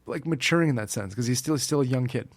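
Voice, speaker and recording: A man's voice: medium pitch, expressive, fast talker, no room sound. A man talking casually as a podcast guest, a music producer who rambles with lots of fillers and restarts. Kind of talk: casual chat.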